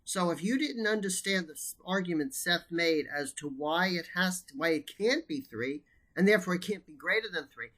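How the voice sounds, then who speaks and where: A man's voice: fairly high pitch, pushed and bright. A man co-hosting a math lesson, insistent and emphatic, teasing his brother and urging him to get to the point. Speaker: math tutor co-host. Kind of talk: casual banter about a math problem.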